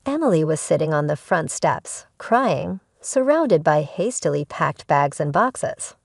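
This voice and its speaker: A woman's voice: low-pitched, very animated, measured pace, gravelly, no room sound, clean studio sound. A woman narrating a first-person family drama story in an emotional, pointed way.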